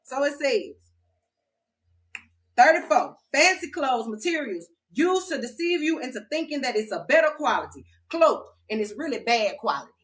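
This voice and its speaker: A woman delivers a preachy spiritual vlog monologue with sass and a direct, confrontational bite. Her voice sits somewhat high and sounds bright and forceful. She leans on slang and repeats her key lines for emphasis. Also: very animated, moderate pace, rough recording. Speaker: self-described spiritual teacher.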